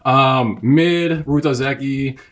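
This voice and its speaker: A man's voice: medium pitch, slow. A young man hosting a casual bookshelf tour, talking in slangy, profane, rambling bursts that often break off mid-sentence. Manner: rambling, self-interrupting. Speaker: book reviewer host.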